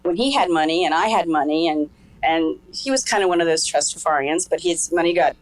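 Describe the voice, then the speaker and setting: A woman's voice: low voice, a little fast, no echo, rough recording. A middle-aged woman giving candid personal testimony in an interview, frank and earthy, laughing now and then as she tells it. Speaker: interviewee telling her life story.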